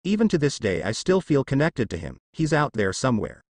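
A man voicing a guarded, bitter young man in a fan story, read in a flat, even way. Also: medium pitch, a little fast, dry recording.

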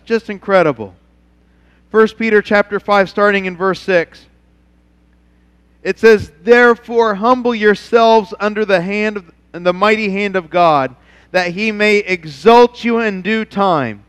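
A man who is a pastor, preaching a sermon at his church, who climbs to emphatic, near-shouted passages and then drops to soft, low, intimate talk. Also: clear, resonant tone, big-room sound, highs cut off. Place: church sanctuary.

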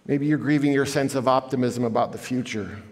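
A man's voice: medium pitch, a little fast. A man giving an earnest inspirational talk as guest speaker in a church, telling stories to the audience. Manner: earnest, conversational storytelling addressing the audience. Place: large church hall. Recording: echoey church hall.

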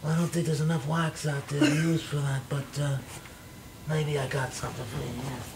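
A woman playing an older male mob-boss bikini waxer, making slow, gruff offers. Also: low-pitched, level tone, background noise.

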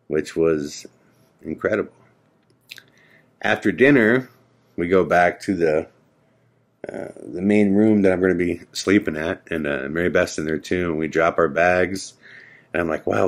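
Deep guy podcasting, chatty, telling a creepy story, does the back-and-forth lines. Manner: animated, acts out quoted dialogue; casual, filler-heavy speech. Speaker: podcast host.

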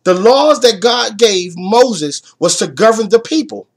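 Man, high-pitched, Bible class teacher on online talk radio; reads a verse, then asks questions and drives the point home. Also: expressive, unhurried, gravelly. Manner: reads scripture aloud then explains it with rhetorical questions; swings from soft asides to emphatic raised points. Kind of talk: preaching Bible study.

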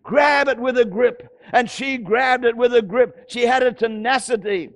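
A man pastor with an Australian accent preaching an impassioned sermon, repeating phrases and rising to shouts. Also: extremely high pitch, normal speed.

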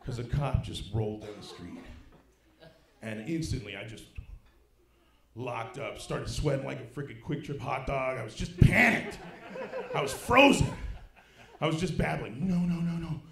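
Lively stand-up comic man, echoey club. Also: medium pitch, a little slow, gravelly, a crowd in the background. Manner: animated storytelling with acted-out voices. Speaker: stand-up comedian. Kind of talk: stand-up routine.

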